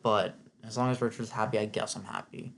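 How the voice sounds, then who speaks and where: A man's voice: fairly low pitch, steady tone, brisk, creaky, fairly bright tone, a little hiss or hum. Chatty opinionated man recapping a show. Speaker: TV recap vlogger. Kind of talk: casual spoken recap.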